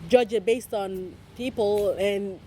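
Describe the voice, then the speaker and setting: A young woman being interviewed, talking casually and with animated storytelling. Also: mid-range voice, slow pace, a little hiss or hum. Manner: animated storytelling with quoted voices.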